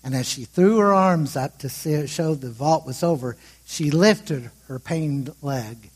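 A man with a fairly high, husky voice preaches to his listeners, telling a story step by step. He builds tension, sometimes racing ahead and sometimes slowing right down. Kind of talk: sermon storytelling.

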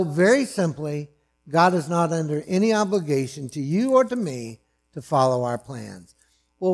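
A man preaching a sermon, swinging from loud, emphatic lines to hushed, low asides.

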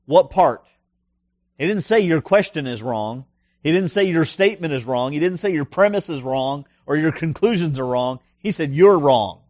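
A man's voice: fairly high pitch, expressive, normal speed, a little mellow, no room sound, studio quality. Emphatic man preaching a sermon. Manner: emphatic, rhetorical questions, punchy asides. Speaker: pastor.

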